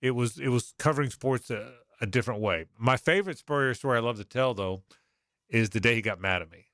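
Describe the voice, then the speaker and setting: A middle-aged man tells a sports story on talk radio at a medium pitch. He wanders through the details, stops to fix dates and names, and slips into other people's voices when he quotes them. The studio sound is close and dry. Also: brisk, a bit bright, no echo. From Jacksonville, Florida. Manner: rambling, self-correcting anecdotes with quoted voices.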